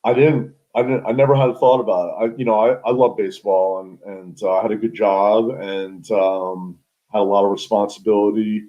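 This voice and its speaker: Low-voiced man on a muffled call. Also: fairly quick. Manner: relaxed, rambling, many restarts. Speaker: guest, sports business founder. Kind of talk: casual interview conversation. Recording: dull lo-fi call audio.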